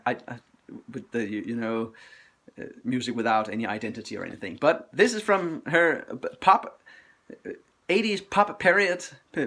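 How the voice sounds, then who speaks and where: A man's voice: medium pitch, fairly bright tone. Enthusiastic man chatting. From Denmark. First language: Danish. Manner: enthusiastic, chatty record reviews. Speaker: record collector vlogger. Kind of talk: casual chat.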